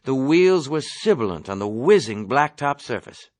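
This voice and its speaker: A man reading a novel aloud as an audiobook, in a measured storytelling delivery. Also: mid-range voice, sing-song, dry recording. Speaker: audiobook reader. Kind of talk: novel narration.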